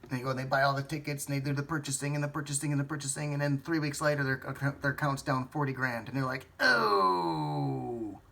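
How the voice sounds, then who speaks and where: Bright-voiced man talking stocks to himself. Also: medium pitch, little pitch movement, very fast, slight background noise. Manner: rambling, self-questioning, swears. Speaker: stock trading vlogger. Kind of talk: thinking-aloud market commentary.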